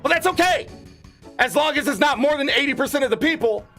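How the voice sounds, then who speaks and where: A man's voice: very high-pitched, fairly quick, fairly bright tone, faint music behind. A man streaming a game, ranting in an angry, profane, heated way. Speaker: gaming streamer. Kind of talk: ranting commentary over a game.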